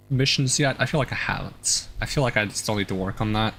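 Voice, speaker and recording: A man's voice: lowish voice, fairly quick, fairly bright tone, a little hiss or hum. A man streaming a game, thinking aloud in casual, rambling chat with many fillers.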